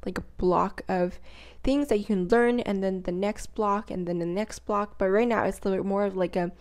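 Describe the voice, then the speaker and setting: Slow-talking woman giving a casual tutorial. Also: mid-range voice, darkish tone. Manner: rambling, filler-heavy, repeats words for emphasis; sounds out syllables and tones slowly. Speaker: language-learning vlogger.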